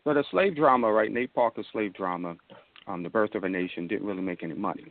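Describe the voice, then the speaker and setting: Man, lowish voice, radio panel host, direct questions, phone-like sound, dry. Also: fast, vocal fry, dry recording. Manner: direct, steers the discussion. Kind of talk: moderating a panel.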